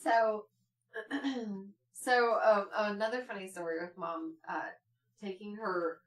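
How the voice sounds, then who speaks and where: A woman's voice: medium pitch, fairly even intonation, slow pace, roomy sound, far from the mic. A woman telling family stories in casual chat, laughing often and squealing when she quotes people.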